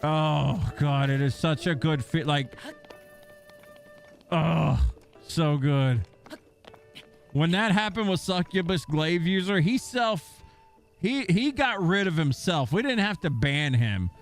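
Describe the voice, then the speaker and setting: A young man chatting with his stream viewers, swearing freely as he tells stories with lots of energy. His voice sits a little high for a man. Faint music plays underneath. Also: slow, long pauses. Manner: profane, animated storytelling with mocking impressions. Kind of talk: casual chat with stream viewers.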